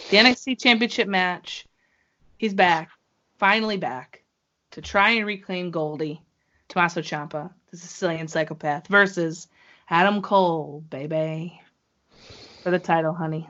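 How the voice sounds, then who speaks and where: A woman hosting a podcast in casual chat, excitable and playful, with ring-announcer flourishes. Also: on the low side. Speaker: podcast host. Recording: dull lo-fi podcast audio.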